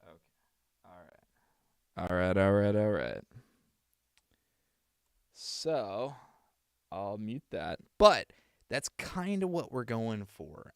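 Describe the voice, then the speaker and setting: A man's voice: medium pitch, dry recording, clean studio sound. A man streaming casually, muttering to himself and thinking aloud as he rehearses voice-over reads. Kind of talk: casual livestream talk.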